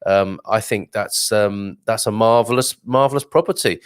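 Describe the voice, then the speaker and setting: In a smooth, low-leaning voice at a normal pace, this live-stream host chats casually, wandering through viewer comments while joking and laughing. There's no echo, and the audio is studio quality.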